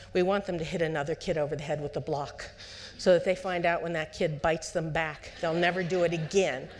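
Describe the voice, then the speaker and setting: A woman psychologist giving a lecture to parents at a conference, lively and conversational, putting on the voices of parents and children and asking the audience questions. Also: fairly low pitch. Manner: asks the audience direct questions.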